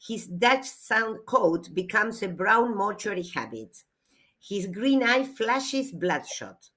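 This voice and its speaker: A woman, a literature teacher giving a classroom lecture, reading aloud slowly and explaining with hesitations. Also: medium pitch, expressive, fairly bright tone.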